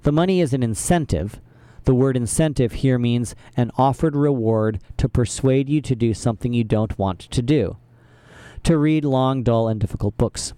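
A man reads a children's novel aloud in a wry, expressive way. His voice has a warm, mellow tone. The recording is dry and close to the mic. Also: medium pitch, normal speed, smooth, no echo. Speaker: reader. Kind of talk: reading a children's book aloud.

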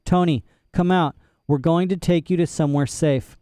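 A frightened but brave young girl, as a male narrator puts her on, her voice lifted higher and trembling. The tone stays mellow and smooth, recorded close and dry like a storybook reading. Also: fairly even intonation, normal speed, dry recording, lightly acted. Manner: trembling, pitched up.

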